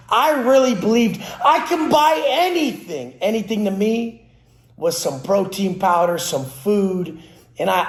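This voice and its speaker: A man who trains people for a living, giving a blunt, profane motivational rant with aggressive, preachy force. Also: high voice. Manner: blunt, aggressive, heavy swearing. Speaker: fitness trainer. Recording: roomy echo.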